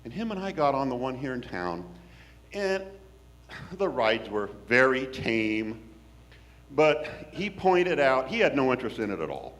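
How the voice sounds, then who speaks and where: A man from Washington State, telling a personal story in an animated, folksy, wry way. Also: medium pitch, a little slow.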